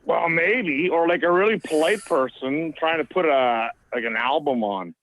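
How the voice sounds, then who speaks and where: A man's voice: fairly high pitch, animated, fairly bright tone. A man who rambles and hesitates while he chats on a call. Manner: rambling, halting. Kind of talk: casual chat. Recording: tinny dry phone line.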